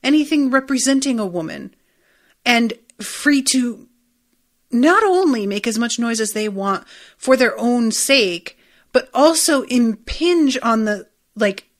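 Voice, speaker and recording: A woman's voice: a little high, expressive, takes it slowly. A woman hosting a podcast, recapping a TV episode in a rambling, chatty way and swearing freely. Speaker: podcast host.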